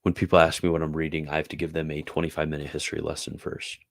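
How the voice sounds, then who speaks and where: A man who reads a theology passage aloud in a measured way, then answers viewer questions in a loose, casual chat with fillers. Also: rumbling low, flat delivery, vocal fry, no room sound.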